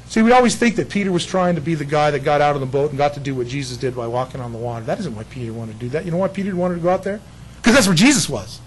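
Animated preacher man, hushed to loud. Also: on the high side, fast talker, slight background noise, rough recording. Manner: lively storytelling preacher acting out voices, swings between hushed and loud. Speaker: pastor. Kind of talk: sermon.

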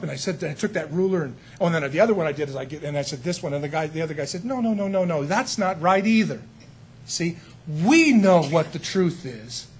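A man preaching a sermon in an animated, conversational way, with frequent asides to his listeners. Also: high-pitched, husky.

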